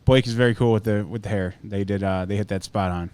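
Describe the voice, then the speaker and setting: A man's voice: on the low side, steady tone, quick pace, a little mellow, no echo. A man co-hosting a podcast in casual chat, laid-back and a little hesitant, with filler words. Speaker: podcast co-host.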